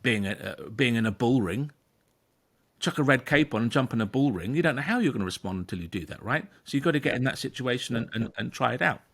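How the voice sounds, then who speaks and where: A man's voice: mid-range voice, lively intonation, fast talker, creaky, fairly bright tone. A man, a therapist hosting a talk, explaining with emphasis and acting out inner voices. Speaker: therapist and podcast host. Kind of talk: conversational explanation.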